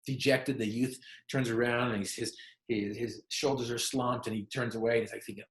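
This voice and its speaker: A man's voice: mid-range voice, steady tone, a little fast. A man giving a motivational talk who tells a story and asks the audience questions directly. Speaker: motivational speaker. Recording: roomy echo.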